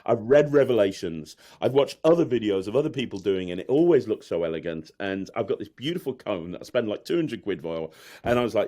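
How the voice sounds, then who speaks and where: A man's voice: fairly low pitch, lively intonation, fast, mellow. A man, a magician, chatting candidly in an interview, rambling and self-deprecating with frequent laughs. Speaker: magician guest. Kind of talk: candid casual interview chat.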